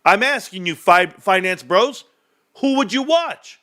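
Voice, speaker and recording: Brash streamer guy ranting, bright sharp voice, trash talk n laughs. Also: animated, unhurried. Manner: brash trash-talking, swings between hyped and low muttering; laughs often, does mock voices. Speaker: stock streamer. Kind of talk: casual livestream rant.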